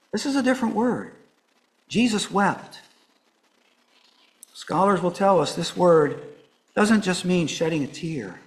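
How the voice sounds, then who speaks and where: A man preaching a sermon, walking through a scripture passage verse by verse, dropping to soft hushed lines and rising to emphatic ones. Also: high voice, low-quality recording.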